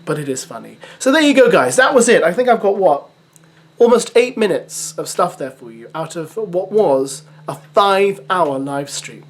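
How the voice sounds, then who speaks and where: A man's voice: high-pitched, big pitch swings, normal speed. A man hosting a vlog, chatting to his viewers and calling them guys. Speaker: video host. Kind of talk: vlog commentary.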